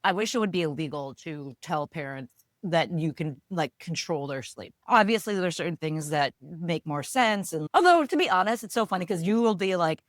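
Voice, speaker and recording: A woman's voice: lowish voice, dry recording. A woman co-hosting a podcast, chatting casually with wry, self-deprecating humor. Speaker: podcast co-host. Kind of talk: casual chat.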